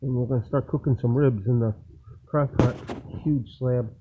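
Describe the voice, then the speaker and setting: A man chatting casually to his dog in a home vlog, jumping up into high coaxing tones when he talks to her. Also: fairly even intonation, normal speed. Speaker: vlogger. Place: doorway into a snowy, windy yard. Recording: tinny phone-like recording with faint noise. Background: faint wind noise.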